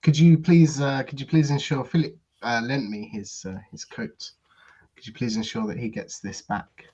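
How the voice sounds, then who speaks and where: A schmoozing French hotel guest in a thick put-on French accent, as a man plays him in a tabletop game, halting and overly polite. His voice sits mid-range and comes through slightly dull, lo-fi audio. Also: medium pitch, fairly even intonation, a little mellow, breathy edge, lightly acted. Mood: courteous.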